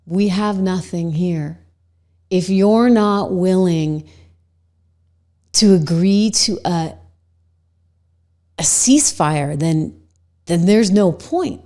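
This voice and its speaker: A woman with a New Hampshire accent hosting a political commentary show, brisk and wry with chuckling asides. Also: fairly low pitch, mellow. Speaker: show host.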